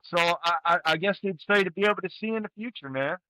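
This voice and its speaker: A man in his forties, a retired Army sergeant, talks bluntly and profanely as he tells stories from his service. His voice sits a little high and sounds sharp and bright. The recording is close and dry, with no room sound. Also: fast, clear, resonant tone, dry recording, rough recording. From United States. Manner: blunt, profane, storytelling with animated quoted outbursts. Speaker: guest, retired Army sergeant first class. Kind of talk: candid casual interview.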